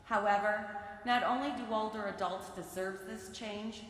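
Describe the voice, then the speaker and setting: A woman giving a sermon from the pulpit of a large synagogue sanctuary, reading prepared remarks in a measured, earnest way. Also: medium pitch, fairly even intonation, a bit bright, a little hiss or hum. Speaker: lay speaker giving a sermon. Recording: very echoey sanctuary with long reverb.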